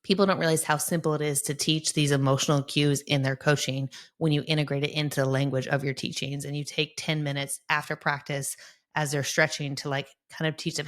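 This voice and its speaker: A woman in her thirties speaks as a guest in a conversational interview. Her voice sits low and she talks quickly. She is animated and acts out little exchanges with her kids. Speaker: sport psychologist guest.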